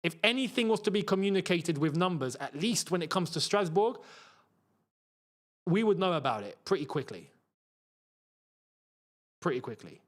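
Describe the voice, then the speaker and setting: A man's voice: sits high, very animated, moderate pace, pauses often. A man hosting a live football watchalong, commenting casually, reading chat messages and repeating himself in frustrated outbursts.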